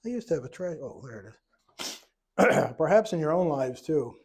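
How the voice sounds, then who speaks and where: A man's voice: a little high, big pitch swings, normal speed, darkish tone, husky. A middle-aged man teaching a church Bible study lesson, folksy, with chuckling asides and restarts.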